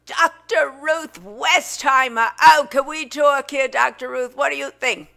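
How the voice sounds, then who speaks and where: A woman's voice: sits high, fairly even intonation, unhurried, gravelly, pushed and bright, heavily acted. A woman impersonating a brash, gossipy older female talk-show host who fires off teasing insult jokes. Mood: brassy. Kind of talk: stage impression comedy.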